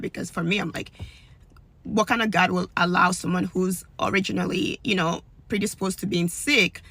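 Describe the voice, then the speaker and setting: A young woman with a bright, sharp voice and a breathy, husky edge tells a personal story. She speaks with animated emphasis and repeats lines for weight. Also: on the low side. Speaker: storyteller sharing a testimony. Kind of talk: casual personal testimony video.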